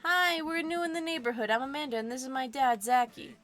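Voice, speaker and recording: A woman voicing a teenage daughter who teases and pushes her shy dad, pitched up and upbeat. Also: brisk, a bit bright, a little hiss or hum. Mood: pushy upbeat. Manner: pushy, upbeat, teasing. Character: teenage daughter, bossy and encouraging.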